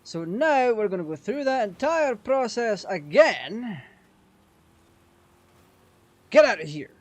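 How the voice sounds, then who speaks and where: Guy swearing at a racing game, high voice, dry close mic, unhurried. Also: sing-song, no echo. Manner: sweary, quick to rage at the game. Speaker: gaming channel host. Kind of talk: casual gameplay commentary.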